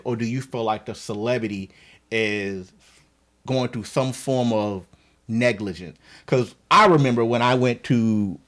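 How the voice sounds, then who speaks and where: Man hosting a relaxed podcast. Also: mid-range voice. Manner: questioning, repeats words as he thinks. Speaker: podcast host. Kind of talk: casual podcast chat.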